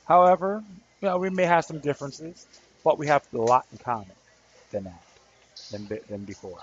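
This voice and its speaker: A man's voice: a little high, normal speed. Earnest rambling man podcasting. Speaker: podcast host and activist. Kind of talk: casual spoken monologue. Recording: slightly dull recording with faint background noise.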